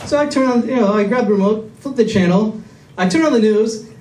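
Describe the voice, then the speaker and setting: A man's voice: high voice, a little fast, a little mellow. A man doing a stand-up comedy set on a club stage, rambling and self-mocking, with lots of restarts and fillers. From Illinois. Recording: echoey club audio from a distant camera.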